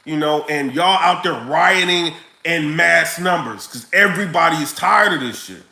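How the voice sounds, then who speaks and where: High-pitched guy venting on his vlog, bright tone, laughing a lot, slangy. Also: moderate pace, vocal fry, roomy sound, poor audio. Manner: animated, laughing, street slang. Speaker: vlogger. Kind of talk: casual rant to camera.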